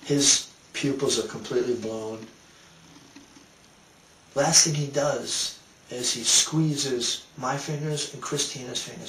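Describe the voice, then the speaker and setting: A man retelling a personal story in a halting, emotional way, with frequent restarts. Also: mid-range voice, fairly even intonation, a bit bright, slight background noise. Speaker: speaker telling a personal story. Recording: roomy sound from a distant mic.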